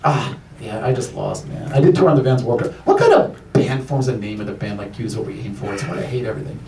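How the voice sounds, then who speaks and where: A man's voice: medium pitch, very animated, quick pace. A man doing a loose, profane stand-up set in a comedy club, laughing through his lines and working the crowd. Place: comedy club stage with an audience. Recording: roomy club recording from far off with crowd.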